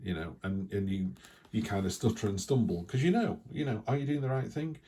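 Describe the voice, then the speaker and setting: A man's voice: on the low side, lively intonation, fairly quick, warm tone, a little hiss or hum. A man giving a casual, rambling tarot reading, with frequent restarts and asides. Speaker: tarot reader.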